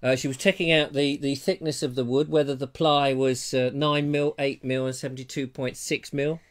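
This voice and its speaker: An English man hosting a live comedy talk show from home, chatty and jokey, often addressing viewers as ladies and gentlemen. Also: medium pitch, level tone, normal speed. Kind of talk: casual live-stream chat. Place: terraced house.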